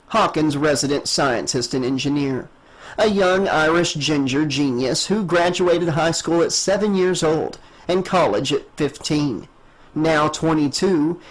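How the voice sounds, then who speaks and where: A man narrates an audiobook with a steady, measured delivery. His voice sits fairly high for a man. He reads clearly and evenly from line to line. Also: low-quality recording.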